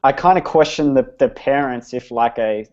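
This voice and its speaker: Easygoing Australian guy in a casual chat, average pitch, dull lo-fi call sound. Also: normal speed, darkish tone. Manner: easygoing, laughs often.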